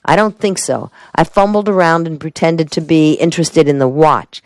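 A woman voicing a calm, shrewd male lawyer in a brisk, matter-of-fact way, close to her own reading voice. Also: sits low, no echo.

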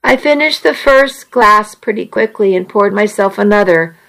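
A woman softly narrating a first-person romance story in an intimate reading voice. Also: mid-range voice, lively intonation, moderate pace, vocal fry, low-quality recording.

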